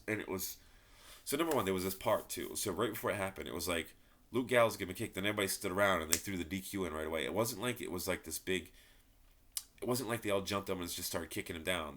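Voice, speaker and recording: A man's voice: low voice, fast talker, fairly bright tone, a little hiss or hum. A man giving a frustrated, rambling wrestling review, swearing and repeating himself. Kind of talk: ranting solo commentary.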